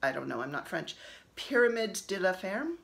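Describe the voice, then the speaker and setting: A woman's voice: mid-range voice, very animated, normal speed, vocal fry, a bit bright. A woman, chatting casually at home as she shows her cross-stitch projects, rambling and laughing often. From New Jersey. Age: 50s. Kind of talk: casual show-and-tell chat.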